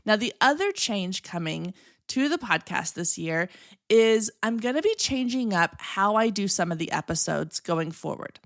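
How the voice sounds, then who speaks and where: A woman's voice: medium pitch, expressive, normal speed, a bit bright, no room sound, clean studio sound. Upbeat, chatty woman podcast host. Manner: upbeat and chatty, self-described long-winded. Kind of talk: solo podcast talk.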